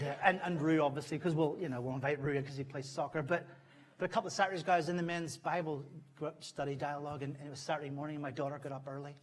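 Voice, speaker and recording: A man's voice: on the high side, slight background noise. Heartfelt middle-aged male guest preacher. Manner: heartfelt, swings from loud to hushed. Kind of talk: sermon. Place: church sanctuary.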